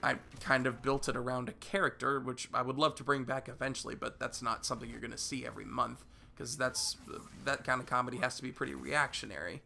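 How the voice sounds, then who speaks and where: A young man hosting his gaming channel with a sick, gravelly voice. He rambles loosely with plenty of "uh"s and restarts. His tone stays bright and forceful under the hoarseness. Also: mid-range voice, fairly even intonation, fast, hardly any pauses, a little hiss or hum. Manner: rambling, repeats words and fills with "uh". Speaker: YouTube gaming channel host. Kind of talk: casual vlog Q&A.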